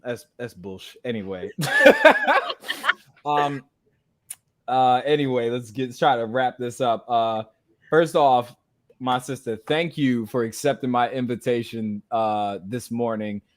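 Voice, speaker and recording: A man's voice: mid-range voice, takes it slowly. A man hosting a podcast, chatting casually with a friend, joking and using slang. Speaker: podcast host. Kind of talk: casual chat.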